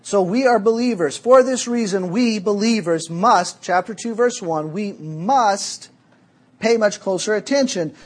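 A Southern American man delivering a sermon with a fairly high, husky voice. He preaches emphatically, drawing out key words, then drops into a quieter, chattier storytelling tone. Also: unhurried.

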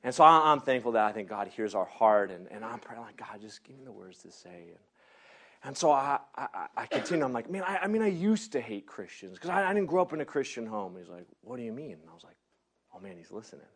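A man preaching by telling a personal story, animated, laughing often and acting out the people in it. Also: medium pitch, fast. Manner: animated, laughs often, acts out others in quotes. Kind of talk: storytelling sermon.

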